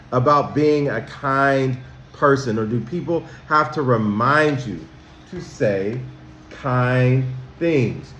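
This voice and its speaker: Slow, expressive man counselor, roomy echo. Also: medium pitch, a little hiss or hum. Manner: slow, emphatic, asks questions. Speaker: school counselor. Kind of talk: talking to students.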